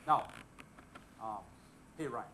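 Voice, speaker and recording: A man with a medium-pitched voice speaks slowly, and the low-quality recording carries a little hiss or hum. He gives a casual Bible lesson, chatting with the audience, often asking them questions and joking. His manner is relaxed and conversational, and he chuckles as he talks.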